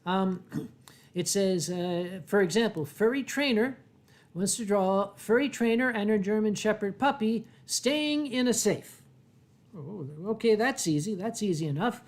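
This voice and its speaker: A man with a Philadelphia accent hosting a casual livestream from home, reading viewer comments in a dry, wry way and often clearing his throat. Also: high voice, lively intonation, a little slow. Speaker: livestream host. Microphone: desk microphone.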